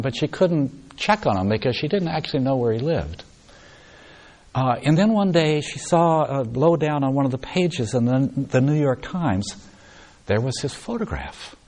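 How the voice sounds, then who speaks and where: A man giving a meditation retreat talk, telling a story in a soft, unhurried way. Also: mid-range voice. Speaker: meditation teacher.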